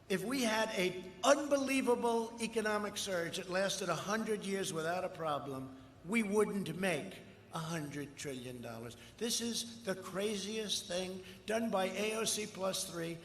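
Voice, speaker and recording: A man from the United States delivers a boastful campaign rally speech, repeating himself and breaking into shouts. His voice sits high and sounds bright and forceful. It booms through a podium microphone and loudspeakers into a wide, echoing outdoor space with a long tail of reverb and faint crowd ambience behind. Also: a little hiss or hum. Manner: boastful, repetitive, bursts into shouting. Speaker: political speaker at a rally.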